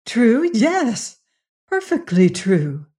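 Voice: medium pitch, wildly swooping pitch, extremely slow, a little mellow, husky, pitched above the performer's own voice, heavily acted. A narrator voicing a desperate frontier woman pleading for a man's life in a western audiobook story. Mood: earnest. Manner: urgent, imploring.

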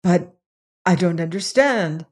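An excitable young man answers eagerly, as a storybook narrator puts him on. He sounds shaken but keen to explain. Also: sits high, slow, heavily acted.

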